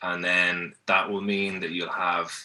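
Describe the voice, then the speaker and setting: An Irish man appears as a podcast guest, telling stories in an easygoing, rambling way and frequently restarting. His deep voice is bright and forceful yet flat in delivery and measured in pace, picked up by a distant mic.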